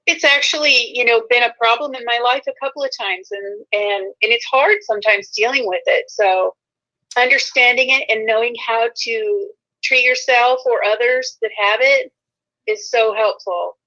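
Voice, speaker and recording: A woman's voice: on the high side, moderate pace, bright, forceful tone. A woman hosting a casual talk show, rambling a little and correcting herself as she goes. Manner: rambling, self-correcting, laughs often. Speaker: show host. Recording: muffled lo-fi sound.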